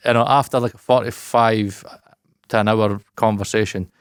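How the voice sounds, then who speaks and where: A man's voice: lowish voice, steady tone, normal speed, clear, resonant tone, dry recording, clean studio sound. A man co-hosting a podcast in loose, rambling casual chat, swearing and laughing often. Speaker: podcast co-host.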